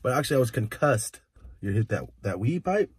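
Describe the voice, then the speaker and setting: A young man vlogging from inside a car, telling profane, animated stories in casual chat. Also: medium pitch, brisk, slight background noise.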